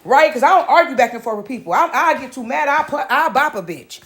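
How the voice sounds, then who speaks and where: High-voiced woman ranting profanely. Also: expressive, fast, a bit bright. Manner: profane, rambling, keeps asking "right?"; retells her own words with "I said". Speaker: vlogger. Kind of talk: casual storytelling monologue.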